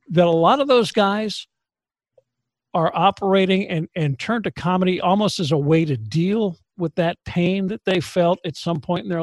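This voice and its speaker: A man with a high voice asks a long, winding question at an unhurried pace. The sound is dry and close, heard over a video call. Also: dry recording. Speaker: radio show co-host. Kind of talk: interview questions.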